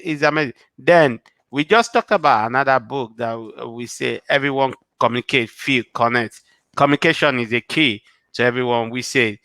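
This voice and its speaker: A man's voice: medium pitch, bright, forceful tone, no echo. A man from Nigeria with a Nigerian accent, a show guest answering questions earnestly and often restarting his sentences. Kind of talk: casual interview answers.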